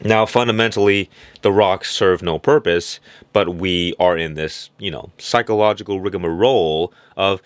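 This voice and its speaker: A man speaks in a reflective, motivational way, often breaking into acted-out voices. His voice sits on the low side and the recording is dry and close. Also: normal speed, clear, resonant tone, dry recording. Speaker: self-help speaker. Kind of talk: motivational monologue.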